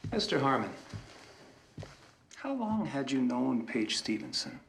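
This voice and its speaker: A sharp male attorney cross-examining a witness with pointed, probing questions. His voice sits at an ordinary middle pitch for a man in this courtroom drama. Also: big pitch swings, measured pace, creaky, a little hiss or hum, full character voice. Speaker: trial attorney.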